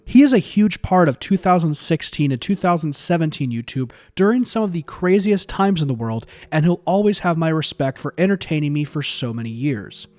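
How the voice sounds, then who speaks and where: A man's voice: a little high, darkish tone, no room sound. A man who critiques films on video, delivering scripted commentary in a sarcastic, profane way. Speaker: YouTube film critic.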